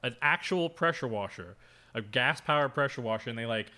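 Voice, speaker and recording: Bright-voiced young man rambling casually. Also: medium pitch, lively intonation, fairly quick. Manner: rambling, filler-heavy storytelling with frequent laughs. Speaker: podcast co-host. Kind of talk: casual chat.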